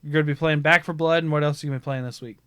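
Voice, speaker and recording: Bright, animated male podcast host. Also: fairly high pitch, rapid-fire, clear, resonant tone, dry recording. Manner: animated, rambling, laughs often. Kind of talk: casual storytelling chat.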